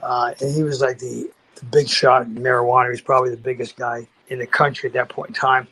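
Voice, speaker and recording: A man's voice: mid-range voice, fast talker, husky, rough recording. Older man telling a rambling story. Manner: rambling, animated storytelling with acted-out quotes; frequent restarts and fillers. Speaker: podcast guest. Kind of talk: casual storytelling.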